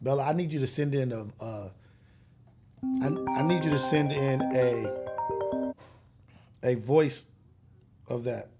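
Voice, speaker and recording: A man's voice: medium pitch, slow, long pauses, loud music behind the voice. Male host, casual live-stream chat, loose, cursing, laughing. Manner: loose, profane, laughs often.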